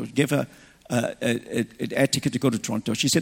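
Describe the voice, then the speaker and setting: Husky-voiced middle-aged man preaching, hall reverb. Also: medium pitch, fast talker. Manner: animated, personal anecdotes with restarts. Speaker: pastor. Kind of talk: sermon storytelling. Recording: long reverb from a large hall.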